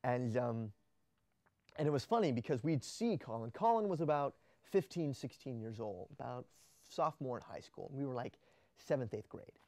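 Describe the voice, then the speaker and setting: A man's voice: mid-range voice, expressive, normal speed, darkish tone, no echo. A young man casually telling a rambling story to camera, full of restarts and fillers. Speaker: vlogger.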